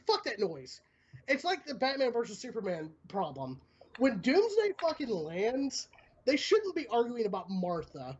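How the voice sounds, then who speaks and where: A man hosts a casual streamed talk show, ranting in a husky, extremely high-pitched voice at a moderate pace. He is animated and profane, swearing a lot, and the stream audio sounds dull and lo-fi.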